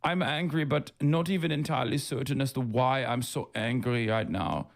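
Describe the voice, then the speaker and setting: A man hosting a casual livestream, reading viewer comments aloud in a mocking tone and laughing often between quick asides. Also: medium pitch, creaky. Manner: reads chat messages in a mocking tone, laughs often, fast asides. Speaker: livestream host.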